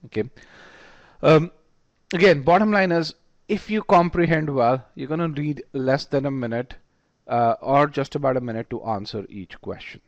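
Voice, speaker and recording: A man's voice: mid-range voice, normal speed, dry recording, lo-fi sound. A man teaching test preparation in a webinar, emphatic and repeating words as he thinks aloud. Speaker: test prep instructor. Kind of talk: webinar lecture.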